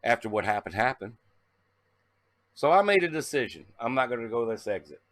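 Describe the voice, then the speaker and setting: A man casually telling a story to camera, animated and swearing, acting out his own past reactions. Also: medium pitch, a little fast, no echo. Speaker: vlogger.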